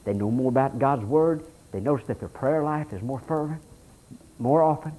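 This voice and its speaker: A pastor preaching a sermon, telling folksy stories and reading scripture aloud with animation. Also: male voice, medium pitch, normal speed, mellow, rough recording.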